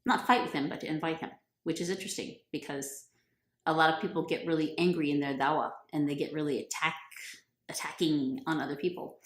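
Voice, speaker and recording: A woman's voice: deep voice, steady tone, brisk. A woman retelling a religious story in a playful, chatty, slangy way. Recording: roomy echo.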